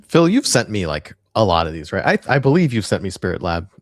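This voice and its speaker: A man's voice: low-pitched, big pitch swings, brisk, dry recording. A man co-hosting a casual whiskey podcast, joking and laughing easily. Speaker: podcast co-host. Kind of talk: casual chat.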